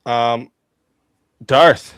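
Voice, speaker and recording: A man hosting a casual online group debate, briskly calling on each player in turn over a call mic. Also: mid-range voice, a bit bright, clean tone, no echo. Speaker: host running the question round. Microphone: video call mic.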